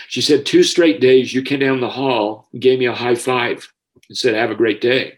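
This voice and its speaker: A middle-aged man recounts a moving memory from his work as a school counselor. He speaks earnestly, at an even middle pitch, often restarting his sentences as feeling catches up with him. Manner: earnest, emotional, halting restarts. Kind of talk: personal storytelling.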